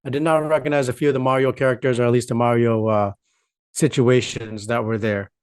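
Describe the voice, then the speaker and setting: A man's voice: mid-range voice, fairly even intonation, a little fast, clear, resonant tone, no echo, clean studio sound. A man co-hosting a casual movie chat, hesitant and teasing. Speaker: podcast co-host.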